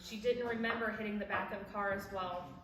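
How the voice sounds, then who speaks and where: In a steady, mid-range voice and at a fairly quick pace, a woman in her forties warmly shares a personal story with a devotional message at a church event. She laughs at her own stories and acts out quoted people. The church hall recording is distant and echoey, with background noise.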